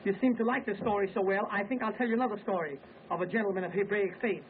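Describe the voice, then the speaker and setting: Brief: male vaudeville comic, high voice, snappy joke patter, tinny 1920s record over an orchestra. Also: a little hiss or hum. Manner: wisecracking, brisk joke-telling patter. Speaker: comedian and singer. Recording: tinny early acoustic record with band. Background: orchestra music.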